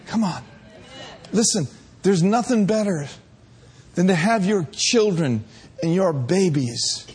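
A man from Minneapolis preaching a sermon, playful and animated, sometimes rising to shouts. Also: a little high. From Minneapolis, USA.

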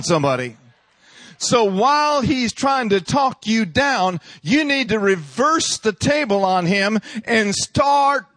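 High-voiced, emphatic male preacher. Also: a bit bright, no room sound, studio quality. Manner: emphatic, call-and-response preaching. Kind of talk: sermon.

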